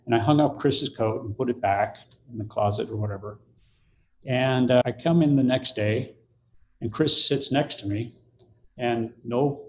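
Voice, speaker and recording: A man's voice: mid-range voice, slight background noise. An older man, a podcast guest, telling a story in conversation and acting out the quoted voices.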